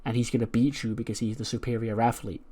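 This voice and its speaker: A man voicing a scheming female wrestler who threatens a rival in a low, quiet, menacing way. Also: level tone, fast, natural voice.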